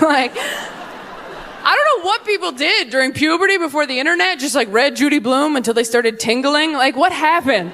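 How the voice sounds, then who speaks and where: A young adult woman performing a stand-up comedy set, animated, slipping into quick voices for the people in her stories. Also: high-pitched. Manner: animated, slips into quick voices for friends, babies and her dad. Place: live comedy venue with audience.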